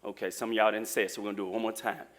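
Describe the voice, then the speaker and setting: A man preaching a lively sermon in a church, joking with the congregation. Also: fairly low pitch, racing. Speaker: pastor.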